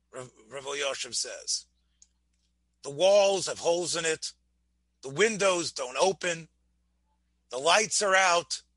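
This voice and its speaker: A man's voice: high-pitched, pushed and bright, no room sound. A man giving a Torah class, asking his listeners questions and often restarting his words. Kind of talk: Torah lecture.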